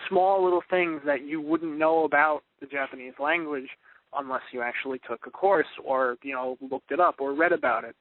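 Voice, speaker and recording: A young man co-hosts a casual chat and speaks in a slightly high voice. He mostly offers short, hesitant agreement. The audio is thin and phone-like. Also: moderate pace. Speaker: podcast co-host. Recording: tinny phone-like sound.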